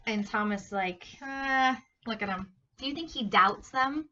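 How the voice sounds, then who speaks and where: A woman teaching Sunday school, reading a Bible story to children in an animated, questioning way. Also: fairly high pitch, normal speed, recorded from a distance, highs cut off, slight background noise. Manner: animated, questioning, talks to kids directly.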